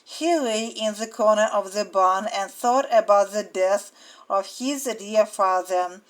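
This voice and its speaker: A woman reading a graded storybook aloud in a careful, deliberate way, with translated lines in between. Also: medium pitch, low-quality recording. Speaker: reader.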